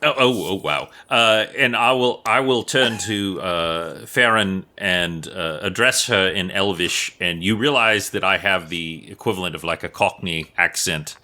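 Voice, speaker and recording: A man's voice: low-pitched, measured pace, few pauses, sharp tone. A man playing a tabletop game, describing his character's actions in a playful, jokey way. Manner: playful, jokey, laughs often. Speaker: player. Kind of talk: casual tabletop game play.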